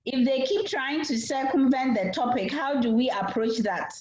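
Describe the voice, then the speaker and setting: Woman, panel facilitator, high voice, frank and lively, acts out quotes, echoey room, muffled lo-fi sound. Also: moderate pace, a crowd in the background. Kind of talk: casual panel chat. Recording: roomy, dull lo-fi sound.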